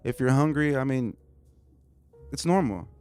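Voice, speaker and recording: A man's voice: medium pitch, lively intonation, darkish tone, faint music behind. A man hosting a casual podcast, joking around and swearing freely. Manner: joking, swearing, quick asides. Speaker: podcast host.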